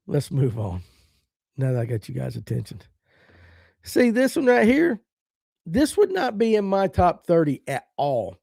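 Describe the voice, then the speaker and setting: A man's voice: on the high side, wildly swooping pitch, a little slow, creaky, pauses often, a little mellow, no echo, studio quality. A middle-aged man from the American South, hosting a fishing podcast in casual live-stream chat, blunt and opinionated as he reads out viewer comments.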